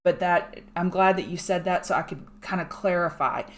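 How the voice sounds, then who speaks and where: Fast-talking woman reviewing charts. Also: fairly low pitch, a little hiss or hum. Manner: fast-talking, chatty, thanks viewers by name. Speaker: market analyst host. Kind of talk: live trading chart commentary. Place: home room.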